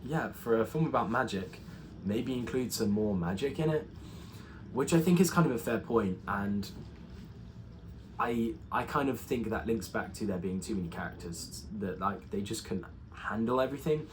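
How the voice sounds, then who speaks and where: A man's voice: on the low side, expressive, moderate pace, slight background noise. A young man giving a casual spoken film review, rambling with many fillers and restarts. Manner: rambling, full of ums and restarts.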